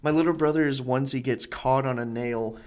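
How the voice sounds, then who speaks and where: A man in casual conversation, rambling through a story with plenty of fillers and swearing. His voice sits at an ordinary middle pitch. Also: normal speed, a little mellow, clear, resonant tone.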